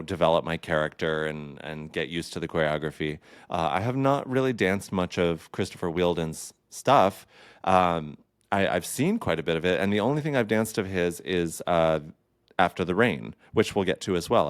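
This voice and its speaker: Podcast host, man in his thirties, campy and caffeinated, deep smooth voice. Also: no echo, clean studio sound. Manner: chatty and playful, with campy asides. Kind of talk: casual solo podcast chat.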